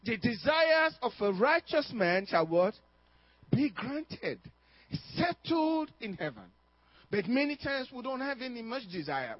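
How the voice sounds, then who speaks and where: A man with a very high voice preaches with emphasis, firing one question after another at his listeners. The recording is dry and somewhat dull and lo-fi. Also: big pitch swings, unhurried, no room sound. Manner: emphatic, asks the congregation questions, laughs now and then. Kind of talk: sermon.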